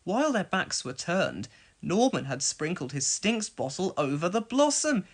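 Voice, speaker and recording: A woman narrating a children's storybook read-along, expressive in delivery. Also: lowish voice, normal speed.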